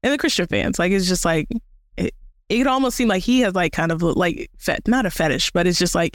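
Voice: mid-range voice, a little fast, no echo. A podcast co-host talks in a loose, casual way and laughs often. The voice sits mid-range and is recorded close and dry, with no room sound. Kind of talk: casual chat.

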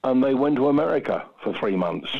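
Gravelly older man telling stories. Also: medium pitch, fairly quick. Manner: lively, repeats himself, frequent fillers. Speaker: retired stuntman guest. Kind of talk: anecdotal storytelling. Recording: dull lo-fi recording.

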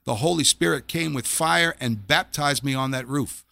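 A man's voice: medium pitch, moderate pace, creaky, bright, forceful tone, dry recording. A middle-aged man, a former police officer, giving an earnest personal faith testimony in an interview, often repeating phrases as his feelings rise. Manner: earnest, repeats phrases when he gets emotional.

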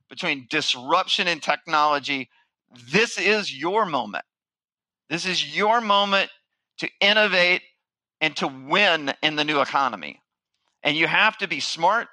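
A middle-aged man, a marketing firm founder giving a keynote, tells a story animatedly and acts out his own panic. His voice is on the high side, pushed and bright, and the audio is poor with no echo.

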